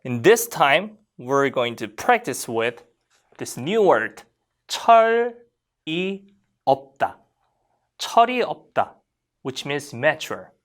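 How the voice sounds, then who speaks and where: Teaching Korean grammar, this medium-pitched instructor says phrases slowly for learners to echo back. She keeps things energetic and keeps asking questions to check understanding.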